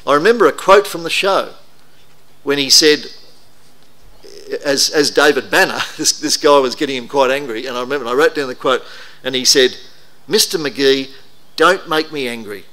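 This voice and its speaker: Middle-aged man preaching, bright voice, chatty storytelling style. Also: mid-range voice, brisk, pauses often. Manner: conversational, anecdotal, self-deprecating. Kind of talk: sermon talk.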